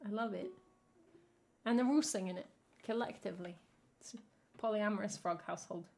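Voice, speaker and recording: A woman's voice: medium pitch, a little fast, creaky, a little mellow. A woman with an English accent, a singer-songwriter chatting casually with her live stream audience in a dry, self-mocking way. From England. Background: ukulele playing.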